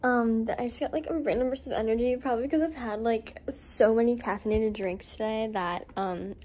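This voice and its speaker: A woman's voice: a little high, steady tone, fairly quick, a little mellow, a little hiss or hum. A young woman vlogging in a casual, giggly, rambling way, full of fillers, filmed on a handheld camera at home and out on a night walk. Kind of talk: casual vlog chat.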